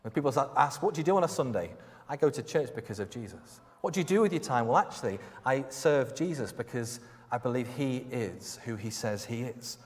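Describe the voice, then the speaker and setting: A man's voice: medium pitch, animated, fairly quick, a little mellow. A man preaching a conversational, emphatic sermon, acting out quotes as he goes. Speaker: pastor. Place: church hall. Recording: long hall reverb.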